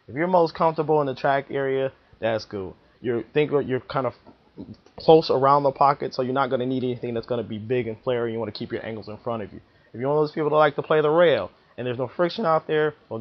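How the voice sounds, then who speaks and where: A man giving casual advice in a slangy, emphatic, laid-back way, on a dull lo-fi recording. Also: medium pitch. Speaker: bowling vlogger.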